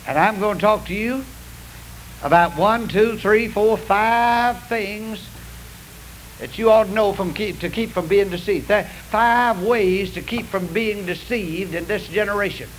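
High-voiced older preacher on tape. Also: male voice, normal speed, hardly any pauses, rough recording. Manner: folksy, emphatic preaching with repetitions. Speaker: pastor. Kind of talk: sermon. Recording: faint noise, old sermon tape.

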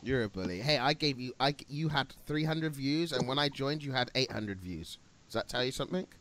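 A man's voice: medium pitch, brisk, a bit bright, a little hiss or hum. A young Australian man streaming, chatting casually with crude, teasing banter and frequent laughter.

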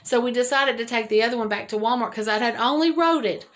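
A woman's voice: on the high side, fast, fairly bright tone. An older woman vlogger telling a rambling, chatty story to her viewers and laughing at her own jokes. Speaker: homesteading vlogger.

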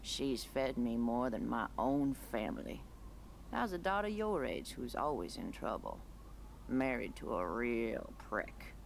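An actress voicing a gruff, street-wise homeless woman in a video game, talking bluntly. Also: a bass voice, sing-song, unhurried, slight background noise, full character voice.

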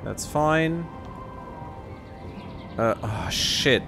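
A man's voice: medium pitch, animated, extremely slow, vocal fry, over music. A man hosting a let's play, giving casual sarcastic commentary while he plays and swears freely.

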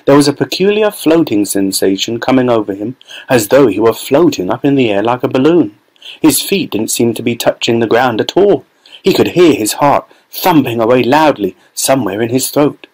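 A man reads a children's novel aloud as an audiobook, in a voice of middle pitch. His delivery is steady and expressive. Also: low-quality recording. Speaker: audiobook narrator. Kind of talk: scripted narration.

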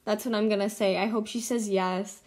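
A woman's voice: mid-range voice, fairly even intonation, fairly quick, darkish tone. A young woman hosting casual game commentary, bubbly and giggly, swinging between squeals and mutters. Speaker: gaming channel host.

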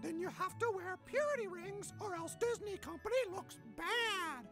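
An actor playing a cartoon mouse who runs things as an abusive boss, squeaky and giggling, flipping into screamed threats. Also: male voice, animated, unhurried, sharp tone, faint music behind, exaggerated voice. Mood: smug. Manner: high chirpy voice, giggles after lines, bursts into screaming threats. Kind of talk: animated comedy acting.

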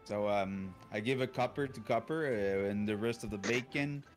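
A man's voice: on the low side, normal speed, soft background music. A man playing a tabletop game, chatting casually and playfully with his group. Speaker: player.

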